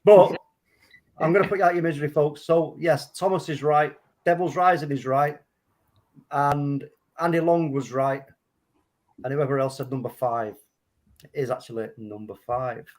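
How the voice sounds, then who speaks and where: A man's voice: a little high, steady tone, moderate pace, long pauses, darkish tone. A man co-hosting a casual chat, laughing often and joking in slang. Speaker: co-host.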